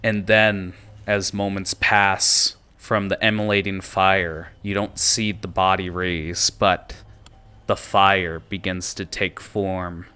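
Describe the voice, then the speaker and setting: A man narrating a tabletop game as game master, describing scenes at a relaxed pace with frequent filler pauses. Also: low-pitched, clear, resonant tone.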